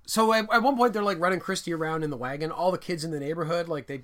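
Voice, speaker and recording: A man co-hosts a casual movie podcast, retelling scenes at a quick clip. His voice is bright and slightly high, and he rambles animatedly through the plot. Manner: rambling, animated storytelling with acted-out quotes. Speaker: podcast co-host. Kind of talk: casual movie review chat.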